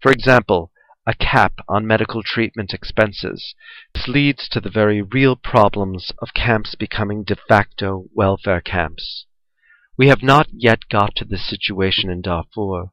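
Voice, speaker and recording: A man reading a research article aloud in a measured, formal, even way, as a scripted reading. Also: fairly low pitch, dry recording. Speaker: reader of a report. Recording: dull, dry, lo-fi recording.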